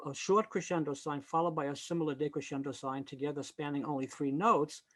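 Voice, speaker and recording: An older man giving an informal online lecture on choral conducting. He thinks aloud with fillers and self-corrections, and now and then sings a short example. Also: on the high side. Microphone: video call.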